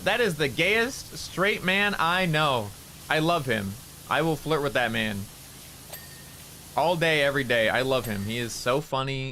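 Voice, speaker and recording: A man's voice: mid-range voice, sharp tone, a little hiss or hum, low-quality recording. A young man streaming a game in casual chat, rambling, joking and swearing freely as he talks to his viewers.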